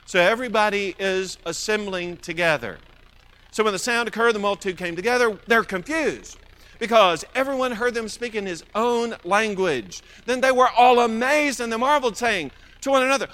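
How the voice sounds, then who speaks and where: A man's voice: high voice, moderate pace, poor audio. A man with a Mississippi accent teaching through a Bible passage, asking his listeners questions and answering them himself. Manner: animated, poses rhetorical questions and answers them.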